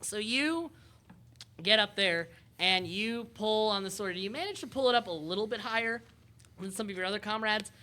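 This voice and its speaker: A woman's voice: mid-range voice, moderate pace, sharp tone. A woman narrating a tabletop game as game master, rambling with plenty of ums. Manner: rambling, lots of ums and uhs.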